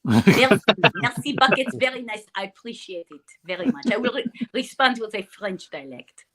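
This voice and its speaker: A woman's voice: medium pitch, lively intonation, moderate pace, a crowd in the background. A middle-aged woman, an actress guest, chatting casually in an interview with many fillers and restarts.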